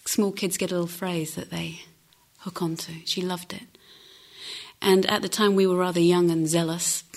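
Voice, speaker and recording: A middle-aged woman meditation teacher giving a gentle, reflective dharma talk with unhurried pauses. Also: fairly low pitch.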